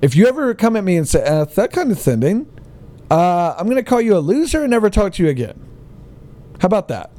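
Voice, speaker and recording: A man vents in a heated vlog monologue, throwing in plenty of sarcasm. His voice sits a bit high and swings widely as he hammers home each point. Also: sing-song, fast, warm tone. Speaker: vlogger. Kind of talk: ranting monologue to camera.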